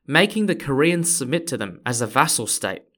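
A man hosts and narrates a history podcast from a script. His mid-pitched voice has a friendly, explanatory tone with the odd playful touch. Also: very animated, fairly quick, sharp tone. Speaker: podcast host.

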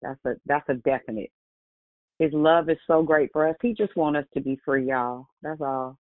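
A woman hosting a prayer call, speaking softly and affirming her callers. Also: deep voice, moderate pace, no room sound. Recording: tinny phone line.

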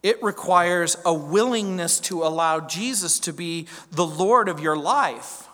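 A man with a high voice delivers a verse-by-verse sermon as a pastor. He builds his points with repeated phrases and rhetorical questions, pressing each one home. The sound carries the long tail of a large church hall. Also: unhurried, sharp tone.

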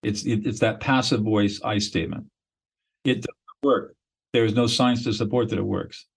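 A man's voice: fairly low pitch, steady tone, normal speed, gravelly, breathy edge, low-quality recording. A man, a mediator and podcast guest, explaining his method in a blunt, emphatic, instructional way.

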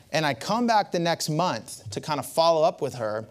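A man's voice: fairly high pitch, sing-song, moderate pace, slight background noise. A man preaching in a chatty storytelling way. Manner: conversational, storytelling with asides. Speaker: pastor. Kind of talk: sermon with personal story.

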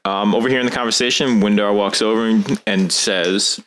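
A man's voice: fairly low pitch, steady tone, a little fast, fairly bright tone, low-quality recording. A man playing a tabletop game, easygoing with brief replies. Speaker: player. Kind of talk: casual tabletop play. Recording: noticeable background noise.

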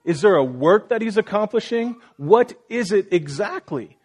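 A male pastor delivering a sermon in an earnest, searching way, acting out the voices he quotes and turning questions back on the congregation. His voice sits a little higher than most men's. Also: lively intonation, moderate pace, darkish tone, breathy edge.

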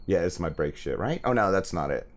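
A man's voice: sits low, animated, fast talker. A man hosting a podcast, ranting with constant swearing and mimicking other people. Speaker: podcast host. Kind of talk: profane casual rant.

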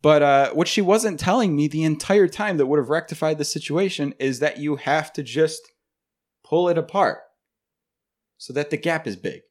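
A man's voice: fairly high pitch, normal speed. A man telling a story in a casual podcast chat, profane and laughing as he goes. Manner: animated, profane, laughs through his story.

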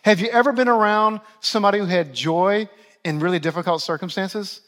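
A man's voice: sits high, a little fast, a bit bright. A man in his forties, a pastor preaching a sermon, repeating key phrases and asking the congregation questions.

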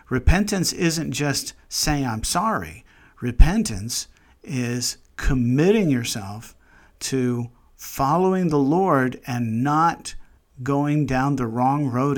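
A man guides listeners through a quiet devotional meditation on scripture. His pitch sits in an ordinary middle range, and he speaks gently and earnestly. He stops mid-phrase and circles back as he thinks aloud. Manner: slow, reflective, gently earnest; pauses mid-phrase, restarts thoughts.

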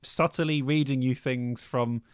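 A man's voice: mid-range voice, fairly even intonation, unhurried, clean tone, no echo, studio quality. A man co-hosting a podcast, teasing his co-host and laughing often. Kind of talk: casual podcast chat.

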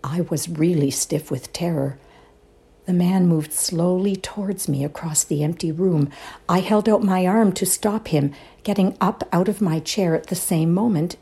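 A woman performing a dramatic reading of a ghost story, hushed and suspenseful, often dropping to a whisper. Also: on the low side. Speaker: reader in a readers' theatre show.

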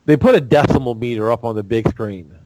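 Co-host, mid-pitched, repeats himself mid-thought, dry close sound. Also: male voice, a little mellow, no echo, poor audio. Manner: halting, repeats words while thinking. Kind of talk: casual sports talk.

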